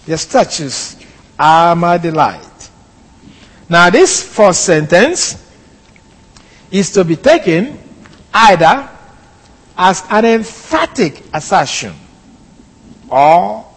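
Male Bible teacher, slightly high voice, unhurried, methodical delivery, reverberant hall. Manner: deliberate, explanatory, with pauses and fillers. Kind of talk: slow expository Bible lesson.

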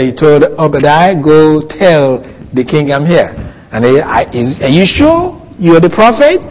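A man preaching a Bible teaching sermon, slow and deliberate, lingering on key words. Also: a little high. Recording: long reverb of a hall.

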